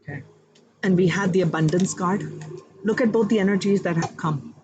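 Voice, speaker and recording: A woman giving a live tarot reading, speaking warmly and directly to her viewers with affirming spiritual encouragement. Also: fairly low pitch, brisk, noisy background. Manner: chatty, addresses viewers directly. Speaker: tarot card reader.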